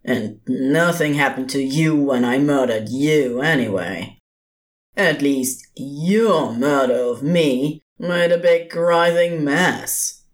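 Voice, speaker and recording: A man voicing a bored, gleeful male ghost in a fan audio drama, slow and teasing. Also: a little high. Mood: flippant. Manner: flippant, teasing. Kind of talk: podfic voice acting.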